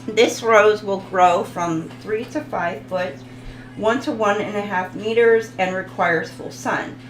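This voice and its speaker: Woman, tarot reader, unhurried delivery, chatty and giggly, faint hum in the background. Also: mid-range voice, rough recording. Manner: chatty, laughs often, stumbles over foreign words; talks to viewers in the chat. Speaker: tarot reader hosting a live reading. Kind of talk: casual live-stream tarot reading.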